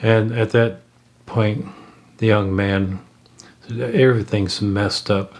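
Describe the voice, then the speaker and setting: A man spins a story off the cuff, pausing and restarting as he goes. His voice sits fairly low and he takes his time, letting each phrase come out slowly. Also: steady tone. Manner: halting, with frequent fillers and restarts. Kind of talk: unscripted spoken storytelling.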